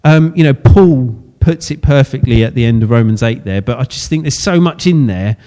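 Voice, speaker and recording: A man's voice: medium pitch, expressive, normal speed, mellow. A man preaching a sermon in a chatty, self-deprecating way, laughing often at his own slips.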